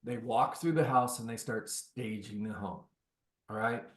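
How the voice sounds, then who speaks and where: A man's voice: mid-range voice, a little slow, roomy sound. A man leading a real estate coaching session on a video call, giving direct, instructive advice.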